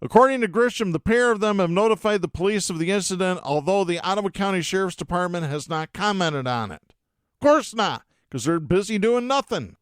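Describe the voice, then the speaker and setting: A man with a high, smooth and clean voice reads news stories on his podcast. He stops to add sarcastic, indignant remarks of his own. The sound is dry and close, with no room around it. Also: animated, a little fast, dry recording. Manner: sarcastic, indignant asides between read stories. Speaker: podcast host. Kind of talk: reading news stories with commentary.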